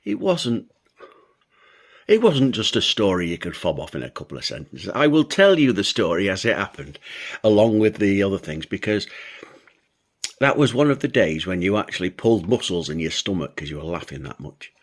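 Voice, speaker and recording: A man's voice: low voice, big pitch swings, moderate pace. An older man, a show host, telling a childhood story and laughing as he goes. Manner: amused, laughs between lines.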